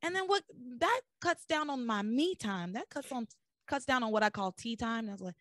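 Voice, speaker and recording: A young woman casually recapping soap opera episodes as a podcast host, acting out the characters' lines in lowered voices. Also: moderate pace, no echo. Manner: animated storyteller acting out dialogue in lowered voices. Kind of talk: casual chat.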